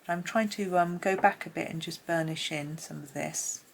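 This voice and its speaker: A woman giving a casual colouring tutorial at home, chatty and rambling, often dropping into soft asides under her breath. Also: on the low side, normal speed, creaky. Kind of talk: casual colouring tutorial, talking while drawing. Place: home room with pencils scratching on paper.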